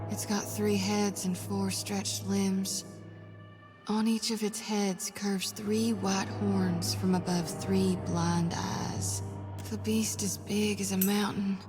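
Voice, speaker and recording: A woman's voice: medium pitch, close to an everyday voice. A woman voicing a haunted, whispering seer. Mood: eerie. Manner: hushed, often half-whispered, foreboding. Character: haunted woman tormented by visions of death. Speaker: game character. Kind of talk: voiced video game dialogue. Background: game music.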